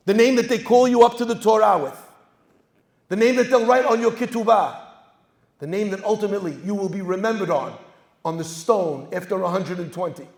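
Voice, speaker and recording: A man, a rabbi, giving a humorous talk to a live audience, telling stories with lively asides. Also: sits high, vocal fry. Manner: joking, storytelling, lively asides. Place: synagogue hall. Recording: echoey hall, live event.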